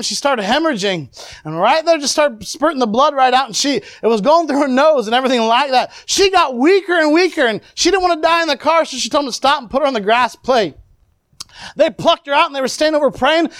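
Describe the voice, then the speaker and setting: High-voiced animated male preacher. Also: no room sound, clean studio sound. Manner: animated preaching with shouts and laughs. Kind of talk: sermon.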